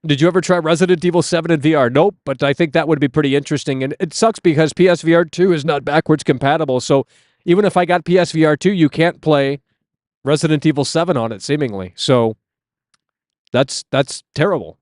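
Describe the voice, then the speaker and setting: A man hosts a live stream from outdoors, talking into his phone. He rants loosely and swears freely as he reads and answers chat. His voice sits a little high, and the sound is dry and close. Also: fast, a little mellow, no room sound. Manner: ranting, profane, reading chat aloud.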